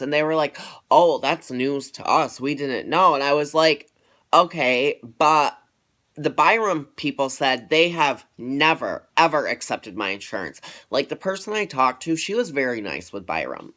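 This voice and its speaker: A man's voice: medium pitch, animated, unhurried, bright, forceful tone. A young man, feeling unwell, casually retelling an irritating phone call in a rambling vlog update. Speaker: vlogger.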